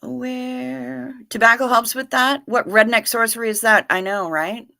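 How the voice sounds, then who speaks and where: A livestream host speaks at a measured pace with fairly even intonation, her slightly high voice gravelly, bright and forceful. She reads viewer comments casually and folksily, greeting each by name and calling them honey, with hums and little doo-doo songs as filler.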